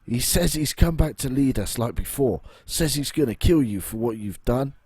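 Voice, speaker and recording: A man's voice: medium pitch, lively intonation, moderate pace, a little mellow, slightly rough, dry recording. A man voicing a frightened male former guard who has fled, reading the lines in a jittery, pleading way.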